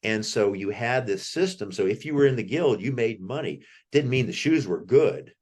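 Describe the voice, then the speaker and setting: A man's voice: medium pitch, lively intonation, normal speed, a little mellow, husky. An American man as the author guest in an interview, telling rambling anecdotes with many restarts. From United States. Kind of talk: conversational interview.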